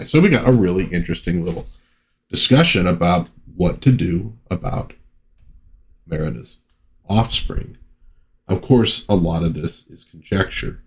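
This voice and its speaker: A man's voice: low voice, lively intonation, a little slow, pauses often. An American man reviewing vintage comics in a chatty, rambling way, full of asides and restarts. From United States. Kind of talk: casual commentary.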